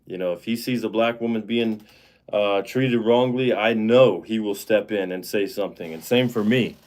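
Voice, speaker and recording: A man's voice: fairly low pitch, normal speed, a little mellow. Rambling, fired-up man hosting a livestream. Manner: rambling, many fillers and restarts; heated, indignant. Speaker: live-stream host. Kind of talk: casual livestream monologue.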